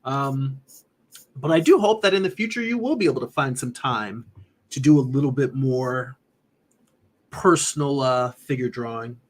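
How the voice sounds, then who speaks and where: With a mid-range voice and moderate pace, this man chats on a livestream as an artist. He's relaxed and meandering, laughing easily while reading comments from chat out loud and responding.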